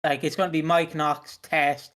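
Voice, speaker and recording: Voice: medium pitch, level tone, moderate pace, fairly bright tone. A podcast co-host chatting about wrestling, rambling and laughing, with many restarts. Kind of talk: casual wrestling review chat.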